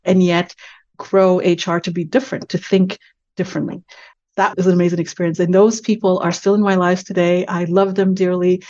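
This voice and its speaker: A woman from Canada, a guest in an interview, tells stories from her career in a lively way and acts out the dialogue she quotes. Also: fairly low pitch, fairly quick, muffled recording. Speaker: guest, HR executive. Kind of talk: interview storytelling.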